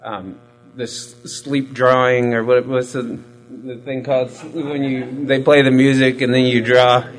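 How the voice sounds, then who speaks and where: A man with a mid-range voice and flat delivery speaks at a measured pace on a rough recording, giving a candid, profane personal testimony as a recovery storyteller. Coming from a Hispanic military family, he rambles, mocks himself and uses many fillers.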